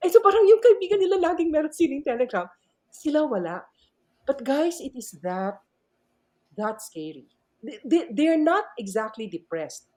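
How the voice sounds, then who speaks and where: A middle-aged woman with a Filipino accent, a math professor who is a guest on a podcast, telling stories and acting out dialogue as she mixes English with Tagalog. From Philippines. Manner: switches between English and Tagalog, acts out dialogue; lively, swooping pitch. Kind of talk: animated storytelling interview.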